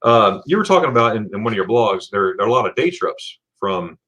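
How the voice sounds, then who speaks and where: A man's voice: fairly low pitch, big pitch swings, fast talker, a bit bright, husky. A man hosting a casual livestream, chatting with a guest and reading viewer comments aloud, with frequent restarts. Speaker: livestream host.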